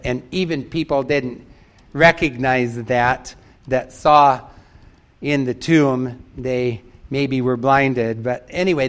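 A man's voice: medium pitch, fairly bright tone. A man preaching a sermon in an emphatic way, repeating key phrases for stress and reading out a story.

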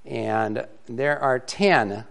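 A man teaching a Bible doctrine class in a relaxed, conversational way, often chuckling. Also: mid-range voice, extremely slow, vocal fry. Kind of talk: classroom lecture.

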